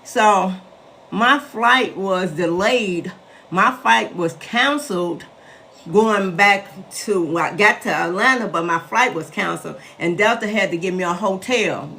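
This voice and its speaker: A woman's voice: mid-range voice, unhurried, bright, forceful tone, a little hiss or hum. A woman in her sixties from Chicago, telling a story to her live viewers in a chatty, emphatic way. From west side of Chicago. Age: 60s. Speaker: host addressing live viewers. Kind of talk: casual live-stream storytelling.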